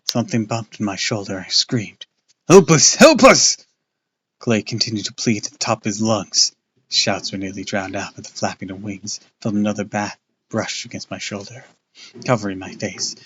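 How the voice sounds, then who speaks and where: A man's voice: lowish voice, a bit bright, muffled recording. A man casually reading a book aloud on a live stream, loose and off-hand, with crude asides.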